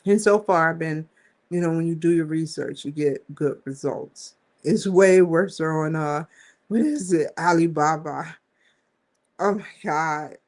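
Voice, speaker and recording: A woman's voice: deep voice, unhurried, darkish tone. A woman hosting a casual live stream, rambling and slangy, often giggling as she talks. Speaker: host.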